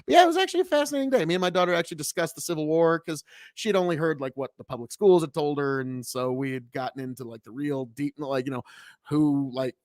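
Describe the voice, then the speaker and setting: A man's voice: a little high, fast, dry recording, clean studio sound. A man from the United States hosting a casual reaction show, talking in a rambling, profane way with many restarts. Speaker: host reacting to a video.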